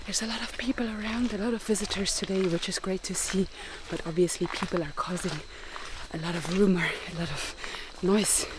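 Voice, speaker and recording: A woman travel vlogger speaking in a hushed half-whisper, outdoors at a jungle wildlife reserve. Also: medium pitch, fairly even intonation, brisk. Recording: noisy outdoor recording.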